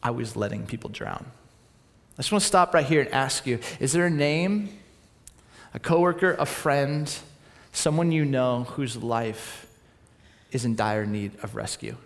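A man from Southern California preaching a storytelling sermon, acting out voices and swinging from loud to quiet. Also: a little high, long reverb tail.

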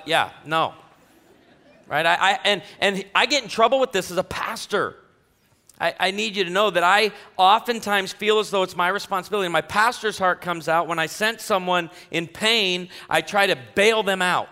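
A man's voice: high-pitched, moderate pace, pushed and bright, in a large hall. A man preaching a sermon as pastor in a church, talking straight to the congregation in a joking, self-deprecating, conversational way. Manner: talks directly to the congregation. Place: church sanctuary.

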